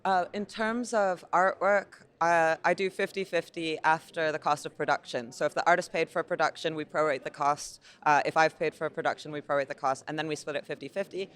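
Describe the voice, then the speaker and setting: An American woman runs her own gallery and chats earnestly about it in a casual interview. Her voice is smooth and resonant. She fills her answers with ums and uhs and breaks into easy laughter. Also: sits low, fairly even intonation, brisk, hardly any pauses, fairly bright tone. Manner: earnest, many fillers, laughs easily. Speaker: gallery owner and curator, guest. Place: busy indoor art fair room.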